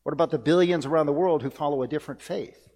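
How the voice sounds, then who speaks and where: A pastor with a fairly high, slightly mellow voice talks fast as he preaches a sermon, earnest and reflective, repeating key phrases for emphasis. A church hall's long reverb surrounds him.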